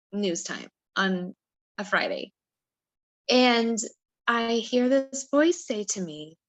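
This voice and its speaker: A woman talks through her own story as a podcast guest, telling it with a lot of feeling. She acts out what she said back then as she goes. Her voice sits a little on the high side. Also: no room sound, highs cut off. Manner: emotional, animated storyteller who acts out her own past words. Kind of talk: personal storytelling interview.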